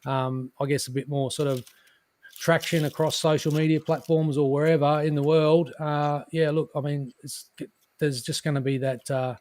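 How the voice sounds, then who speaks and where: A man on an online call, rambling casually with lots of repeated words and trailing, quieter asides. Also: little pitch movement, moderate pace. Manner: rambling, repeats words, drops his voice low. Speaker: guest on a crypto stream. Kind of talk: casual chat.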